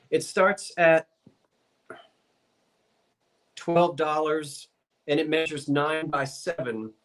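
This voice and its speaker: A man's voice: a little high, a bit bright. A man co-hosting a live online sale, chatty and explaining items. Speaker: co-host.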